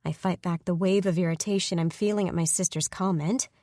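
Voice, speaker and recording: A woman narrating a first-person fantasy romance audiobook in a steady, even storytelling manner on a close mic. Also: fairly low pitch, a little fast, no echo.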